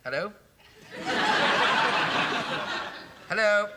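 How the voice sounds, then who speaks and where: An actor playing a fussy, excitable office clerk who is ruled by his mother, in a 1970s television sitcom. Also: high-pitched, very slow, very noisy, heavily acted. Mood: flustered. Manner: fussy, flustered, giggly.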